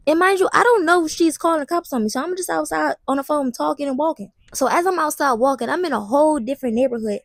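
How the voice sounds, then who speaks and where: A young woman with a high, bright voice spins a dramatic storytime, blunt and slangy, chatting to the viewer like a close friend. The sound is dry and close, with no room echo. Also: quick pace, few pauses. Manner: animated and dramatic, talking straight to the viewer; slangy and blunt, with some swearing. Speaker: vlogger. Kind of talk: casual storytime.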